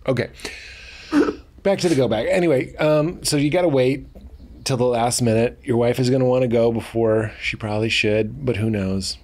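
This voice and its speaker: A man's voice: medium pitch, moderate pace, darkish tone. A man, a guest comedian, chatting and riffing with playful bits on a comedy podcast. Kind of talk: casual comedy podcast chat.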